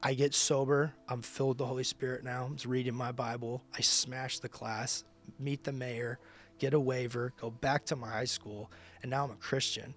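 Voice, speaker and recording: A man's voice: medium pitch, level tone, normal speed. A man who leads a ministry, telling his personal testimony in conversation with emphatic, casual storytelling. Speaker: ministry leader.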